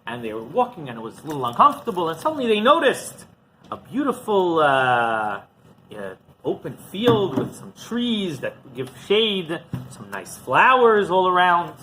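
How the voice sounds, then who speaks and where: A man, a rabbi, teaching through an animated story and acting out the dialogue as he goes. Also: high voice, moderate pace, slight background noise, poor audio. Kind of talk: storytelling lesson.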